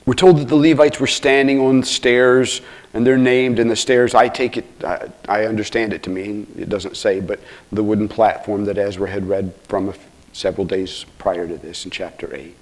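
A man preaching an expository sermon, earnest, with self-corrections and asides, swinging from hushed near-whispers to loud, emphatic exclamations. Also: lowish voice, steady tone, normal speed. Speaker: pastor.

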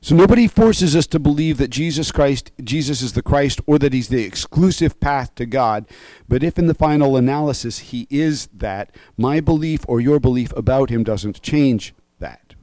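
A man preaching in a warm, mellow voice, laying out his argument point by point and pressing each one home. He keeps checking in with his listeners as he goes. The recording is close and dry, with no room sound. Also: mid-range voice, lively intonation, normal speed, no echo. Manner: emphatic, reasoning step by step, often checks in with "okay?". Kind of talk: sermon-style teaching.

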